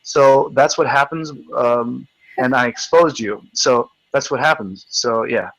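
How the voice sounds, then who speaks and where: A man's voice: medium pitch, a little slow, fairly bright tone, no room sound, low-quality recording. Profane, taunting male stream host. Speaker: livestream host. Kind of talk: ranting live video chat.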